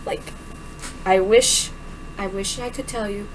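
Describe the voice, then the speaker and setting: A woman voicing a quiet, regretful teenage boy who speaks in a hushed, apologetic way. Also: medium pitch, fairly even intonation, unhurried, very noisy, pitched below the performer's own voice, lightly acted.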